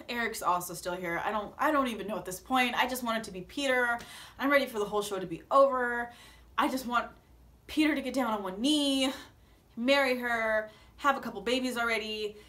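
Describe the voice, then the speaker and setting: A young woman with a fairly high voice talks straight to her viewers in a casual recap. She is dramatic and playful, acting out her own reactions as she goes. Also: a bit bright. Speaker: vlogger recapping a reality show.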